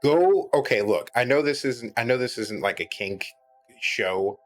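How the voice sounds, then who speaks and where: A man's voice: mid-range voice, lively intonation, unhurried, faint music behind. A man chatting casually as a podcast guest, rambling and restarting his sentences often. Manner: rambling, frequent restarts and filler words. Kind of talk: casual chat.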